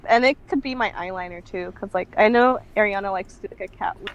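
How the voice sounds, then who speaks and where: A woman's voice: mid-range voice, fast talker, highs cut off, a little hiss or hum. A young woman telling a casual story as a podcast guest, her talk full of "like". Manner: chatty, fills speech with "like".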